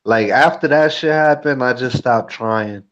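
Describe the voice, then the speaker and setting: A man's voice: medium pitch, measured pace, a bit bright, highs cut off. A man talking frankly in a casual chat as a YouTuber and co-host, cursing freely. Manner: blunt, frank, curses freely.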